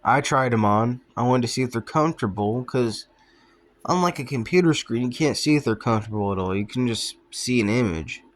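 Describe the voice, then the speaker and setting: A man's voice: mid-range voice, fairly quick, slight background noise. A young man rambling in a casual vlog monologue, trailing off often, with plenty of fillers and swearing. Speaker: vlogger.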